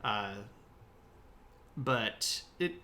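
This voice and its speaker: A man's voice: medium pitch, animated, extremely slow, bright, forceful tone, a little hiss or hum. Guy hosting a history stream, chatty and opinionated, wanders off on side tangents. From United States (South Mississippi). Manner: chatty, self-described opinionated, rambling asides. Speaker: history livestream host. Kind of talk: casual livestream chat and history talk.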